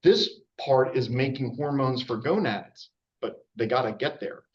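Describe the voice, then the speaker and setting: A man's voice: mid-range voice, a little slow, dull audio. A man teaching anatomy to a live class in a chatty, informal way, full of fillers and asides. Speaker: anatomy and physiology instructor. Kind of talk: informal public lecture.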